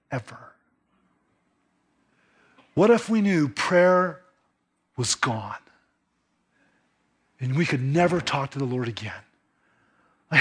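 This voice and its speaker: Male preacher, high voice, animated delivery with hushed emphases. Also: husky. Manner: animated preaching, acts out little quoted voices, drops to a hush for emphasis. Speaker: pastor. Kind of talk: sermon.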